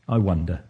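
A man preaching a sermon, reflective and questioning, rising at times into impassioned bursts. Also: narrow, tinny audio.

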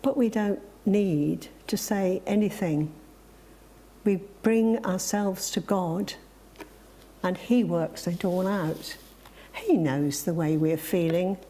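A woman preacher reading a reflective story and moving into a sermon, gentle and with emphatic exclamations. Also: on the low side, slow pace, a little hiss or hum.

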